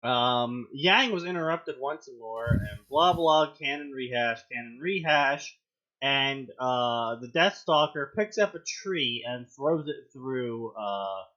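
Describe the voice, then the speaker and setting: Slow but animated, this fanfiction reading show host mocks what he reads and acts out quotes in loud, high outbursts. The recording has its highs cut off.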